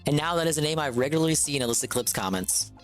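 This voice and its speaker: A man's voice: fairly high pitch, lively intonation, racing, faint music behind. A man streaming a reaction to a video, talking in a sarcastic, rambling way full of filler words.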